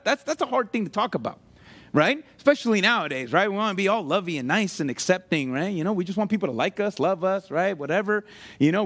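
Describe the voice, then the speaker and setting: A man preaching a sermon in a conversational way, often asking his listeners questions. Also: sits high. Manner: animated, conversational, asks the audience often.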